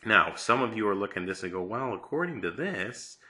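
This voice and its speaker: Bright, low-voiced male math teacher. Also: big pitch swings, fairly quick. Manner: chatty, playful, acts out a story with yelps. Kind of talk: classroom math lesson.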